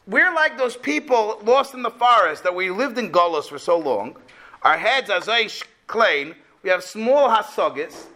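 A man's voice: high voice, animated, unhurried, pushed and bright. A man giving a storytelling religious lesson, animatedly retelling a tale and then urging its moral directly. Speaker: religious teacher.

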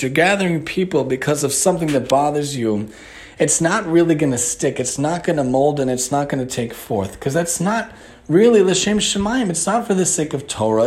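A man's voice: on the high side, a little mellow. A man giving a spoken Torah lesson, mixing Hebrew terms into English and restating his points in repeated parallel phrases. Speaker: Torah teacher.

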